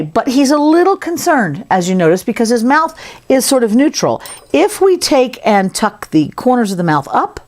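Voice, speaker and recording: A woman's voice: a little high, big pitch swings, normal speed, darkish tone. A woman giving a casual, playful sculpting tutorial, chatting as she works. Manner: chatty, playful, talks while working. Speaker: sculpting instructor.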